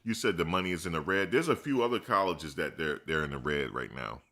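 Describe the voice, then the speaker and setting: A man's voice: low voice, animated, a little fast, a bit bright. A man hosting a live chat, talking loosely and animatedly, full of slang and "dude". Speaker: live stream host. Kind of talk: casual live chat commentary.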